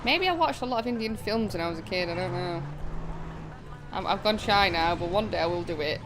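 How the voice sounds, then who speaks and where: A woman's voice: fairly low pitch, lively intonation, brisk. A woman with a Derbyshire-Yorkshire border accent, chatting casually and self-mockingly while streaming a game, swearing now and then. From Chesterfield, England. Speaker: gaming streamer. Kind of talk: casual let's-play chat. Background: game music.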